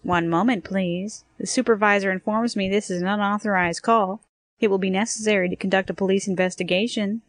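A woman's voice: mid-range voice, steady tone, a little fast, no room sound, close to an everyday voice. A woman voicing a cautious, formal telephone operator.

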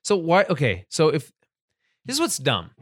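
His voice sits on the high side and swoops wildly in pitch, at a moderate pace, in clean studio sound with no echo. Co-hosting a podcast, he chats loosely about a TV episode, breaking into laughter a lot and restarting lines.

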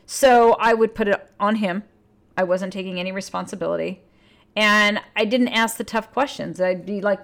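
A woman relationship coach talking in a casual advice monologue, candid and blunt, swearing freely, with emphatic jumps in pitch. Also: normal speed, creaky, a bit bright.

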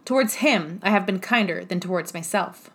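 A woman voicing a proud aristocratic gentleman in an audiobook, cold and formal in manner. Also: fairly low pitch, moderate pace. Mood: cool. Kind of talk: audiobook character voice.

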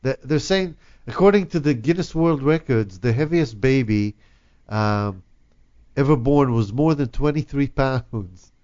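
A man's voice: mid-range voice, measured pace, darkish tone. A middle-aged man hosting a casual chat, rambling with lots of fillers, laughing often and swearing. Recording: dull lo-fi recording.

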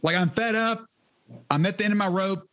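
A middle-aged ministry leader, a guest in an interview, gives his testimony conversationally and with fervent conviction. His voice is a bit bright and a little higher than most men's, and he speaks fairly quickly, stumbling and restarting phrases.

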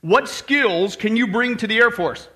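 A man doing a brisk, impatient general. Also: extremely high pitch, lively intonation, bright, forceful tone, full character voice. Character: gruff older male Air Force general.

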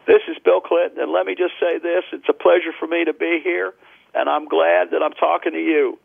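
A man's voice: fairly high pitch, steady tone, a little fast, gravelly, slightly rough, dry recording, pitched above the performer's own voice, full character voice. A man doing a genial, folksy politician impression. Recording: tinny phone line.

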